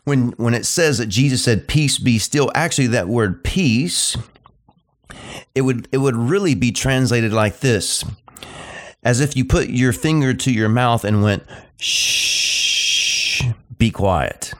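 A middle-aged man preaching a sermon, repeating short phrases and slowing down to stress key points. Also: mid-range voice. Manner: emphatic, repetitive preaching cadence, slows down on key phrases.

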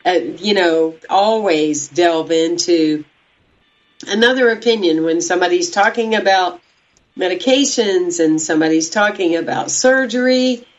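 A woman's voice: fairly low pitch, a little slow, lo-fi sound. A woman hosting an interview who speaks emphatically and gives her opinions freely. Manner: emphatic, opinionated, hesitant restarts. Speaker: interview host. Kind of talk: interview chat.

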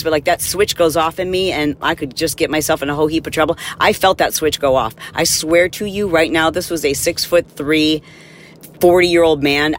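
A woman hosting a podcast, telling an animated, exasperated story in a casual monologue and acting out the people in it. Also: deep voice, a little hiss or hum. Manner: animated, exasperated, acts out quotes. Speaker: podcast host.

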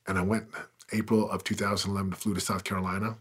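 A man's voice: sits low, little pitch movement, fast talker, slightly rough. A man in his forties, a podcast guest, telling his story in an earnest, emphatic way that swells with intensity. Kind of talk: conversational interview storytelling.

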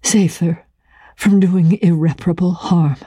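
A woman's voice: fairly low pitch, fairly even intonation, measured pace, husky, dry recording, studio quality, pitched above the performer's own voice. A woman voicing a hesitant troubled young woman. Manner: hesitant, hushed, partly whispered.

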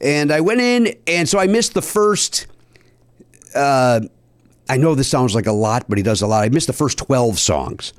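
A man telling a long story in casual podcast chat, animated and a bit profane, with high mock voices for people he quotes. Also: moderate pace, no room sound. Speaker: podcast host.

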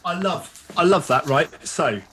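A man in casual conversation, telling lively stories and often asking "right?". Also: fairly high pitch, unhurried, noisy background. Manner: animated storyteller, says "right?" often. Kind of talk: casual chat. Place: photographer who travels with a camera.

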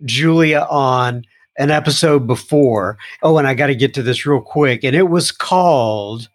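A man's voice: medium pitch, no echo. Podcast host man, dry close sound. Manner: warm, laughing, loosely halting with fillers. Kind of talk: casual interview chat.

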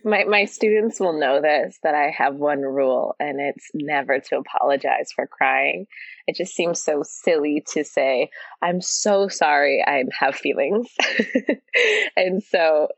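Female guest, very low pitch with husky edge, reflective and frank, dull lo-fi dry sound. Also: a little slow, no echo. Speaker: guest, yoga teacher and author. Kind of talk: casual interview chat.

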